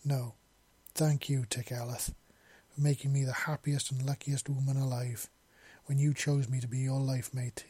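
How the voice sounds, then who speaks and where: A man voicing an earnest human man in a story reading, speaking in a formal, then soft, tender way. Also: medium pitch, level tone, normal speed, few pauses, breathy edge, no room sound, natural voice.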